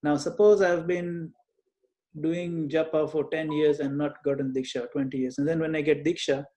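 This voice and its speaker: A man leading a devotional Q&A over a video call, speaking gently and earnestly with frequent small hesitations. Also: a little high, fairly even intonation, moderate pace. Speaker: Q&A session leader. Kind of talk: online group Q&A, teaching.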